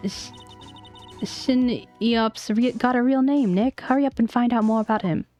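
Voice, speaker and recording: A woman's voice: a little high, unhurried, darkish tone, soft background music, lightly acted. A woman voicing a playful young female assistant with a teasing manner while reading game dialogue aloud. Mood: eager.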